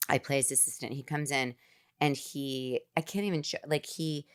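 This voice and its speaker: A woman, an actress, telling a lively anecdote as a podcast guest in a casual chat. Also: rumbling low, moderate pace, clear, resonant tone. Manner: animated, nervous-laughing anecdotes with fillers.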